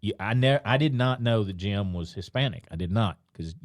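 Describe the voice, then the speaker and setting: A man's voice: fairly low pitch, expressive, brisk, dry recording, clean studio sound. A middle-aged man, a retired police officer, telling a story in casual, easygoing chat.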